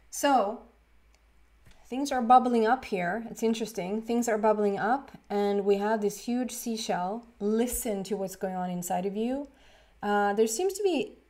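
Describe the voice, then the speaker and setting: A woman's voice: mid-range voice, warm tone. A woman, a tarot reader telling a story in a rambling, giggly way full of fillers and restarts. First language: Swedish. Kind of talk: casual storytelling to camera.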